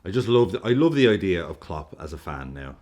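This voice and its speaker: A man hosting a football reaction video, talking in an animated, jokey way and swearing freely. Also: low-pitched, a little fast. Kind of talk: casual reaction commentary.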